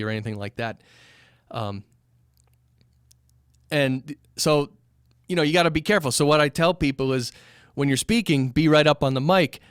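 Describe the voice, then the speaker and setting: A man with a mid-range voice talks casually about using a microphone, stopping and restarting as he goes. His voice is smooth and clear. The sound is dry and close, recorded in a small studio. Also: medium pitch, dry recording. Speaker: recording studio owner teaching mic technique. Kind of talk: casual instructional talk to camera. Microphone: studio microphone at a few inches, sometimes pulled far off.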